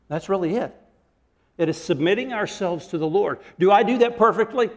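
A man preaching a sermon as pastor, animated, acting out quotes and laughing often. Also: high-pitched, moderate pace. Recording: long hall reverb.

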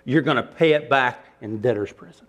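A man's voice: medium pitch, a little fast, a bit bright, voice pushed down, natural voice. A man voicing a harsh male servant who refuses mercy and threatens prison. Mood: cold. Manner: curt, threatening. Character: harsh unforgiving male servant, cold creditor.

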